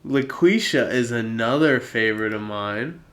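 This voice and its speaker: Slow-talking laid-back male podcast host. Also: mid-range voice, lively intonation, fairly bright tone. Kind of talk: casual chat.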